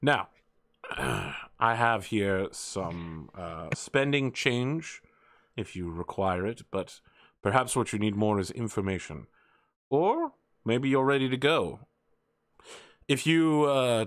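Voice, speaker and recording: A man voicing a composed undercover male agent, polite and measured. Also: fairly low pitch, fairly bright tone, no echo, clean studio sound.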